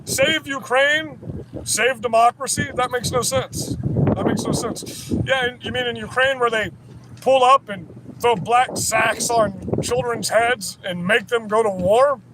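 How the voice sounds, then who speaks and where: Speaking a little slowly with fairly even intonation, a man with an extremely high voice livestreams from a rally counter-protest. His rant is casual, profane, combative and rambling, recorded outside with street noise and traffic.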